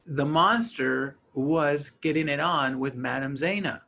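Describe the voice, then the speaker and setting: Gravelly, husky-voiced man chatting. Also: fairly high pitch, measured pace. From Mexican-American. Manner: animated, acts out film characters. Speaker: podcast co-host. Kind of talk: casual movie chat.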